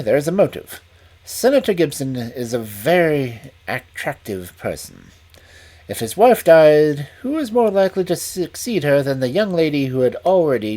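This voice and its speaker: A man reading aloud and voicing a calm, shrewd Victorian male detective who speaks in a dry, deliberate way. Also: a little high.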